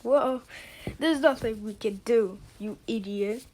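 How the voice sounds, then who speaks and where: A woman's voice: fairly high pitch, slow, darkish tone, a little hiss or hum. A woman voicing a cheeky, troublemaking young male bird pupil who mutters back-talk. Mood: sassy.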